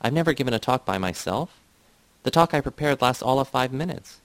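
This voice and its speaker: A man's voice: mid-range voice, animated, brisk, no echo, voice pushed up, close to an everyday voice. A man voicing an anxious, timid man who pleads sheepishly. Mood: panicked.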